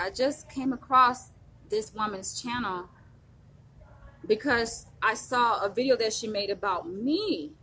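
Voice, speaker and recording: A woman in her thirties from the United States, talking to camera in a rambling, animated vlog monologue with frequent laughs. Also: on the high side, slight background noise, rough recording. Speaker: vlogger.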